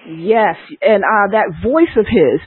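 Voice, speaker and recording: An interview host asking halting questions, with many pauses and "um"s. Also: mid-range voice, animated, slight background noise. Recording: phone line.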